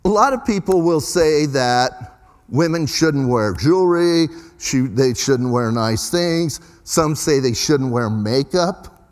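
A man's voice: medium pitch, animated, slow, long reverb tail. A middle-aged man preaching a sermon as pastor, in a folksy, conversational way with emphatic rises.

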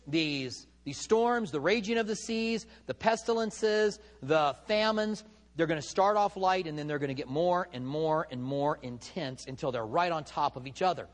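Middle-aged guy preaching, high voice, chatty, tells funny stories between verses. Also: a bit bright. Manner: conversational preaching with humorous personal stories. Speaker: pastor. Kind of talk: sermon.

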